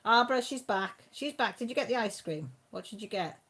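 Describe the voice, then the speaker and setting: A woman hosting a casual live stream, chatting warmly with viewers by name and laughing often. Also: a little high, animated, brisk, slightly rough. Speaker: channel host reading live chat.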